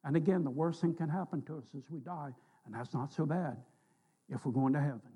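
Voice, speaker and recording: A man's voice: fairly high pitch, brisk, mellow, husky. A man preaching a sermon in a church, telling folksy stories and rising with emphasis on scripture. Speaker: pastor. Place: church sanctuary.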